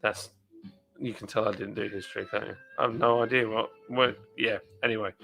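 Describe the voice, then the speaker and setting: A man's voice: fairly low pitch, steady tone, brisk, vocal fry, sharp tone, faint music behind, poor audio. An English man hosting a live stream, chatting casually and rambling as he reads out viewer comments. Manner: rambling, chatty, jokey asides.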